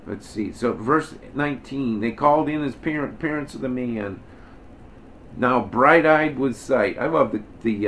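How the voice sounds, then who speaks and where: A man with a mid-range, slightly bright voice leads an informal Bible study, speaking bluntly in a folksy way and mockingly imitating the Pharisees. There is slight background noise.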